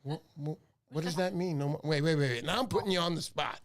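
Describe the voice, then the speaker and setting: A man hosting a fishing livestream, chatting in an animated, joking, rambling way. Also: fairly high pitch, quick pace. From New York. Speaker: livestream fishing show host. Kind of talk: casual livestream chat.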